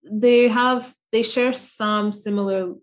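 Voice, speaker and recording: A woman's voice: a little high, steady tone, slow. A woman guest on a podcast talking casually and reflectively, with many fillers and restarts. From United States. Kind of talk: casual interview chat.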